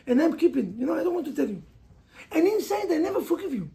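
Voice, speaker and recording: A man's voice: extremely high pitch, sing-song, fast, mellow. A man with an Israeli accent, a native Hebrew speaker, giving an emphatic motivational sermon as a rabbi and pressing listeners with rhetorical questions.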